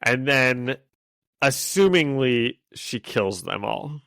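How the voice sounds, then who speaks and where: Podcast co-host, man, excitable and laughing, gravelly tone on a dry mic. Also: mid-range voice, takes it slowly, no echo. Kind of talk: casual chat.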